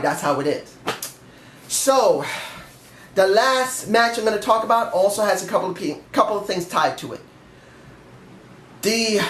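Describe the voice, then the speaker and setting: Man, casual opinionated review, emphatic, rambling, echoey room. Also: extremely high pitch. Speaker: wrestling show reviewer.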